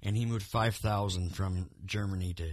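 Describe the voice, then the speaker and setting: A male podcast co-host with a low-pitched voice keeps a steady tone and moderate pace while rambling casually through the news and politics, repeatedly restarting and repeating words. The audio is clean studio sound with no echo.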